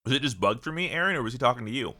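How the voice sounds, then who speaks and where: A man co-hosting a gaming podcast with a bright, forward voice that swings widely in pitch. He talks expressively and casually, with a fair bit of swearing. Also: animated, very fast. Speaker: podcast co-host.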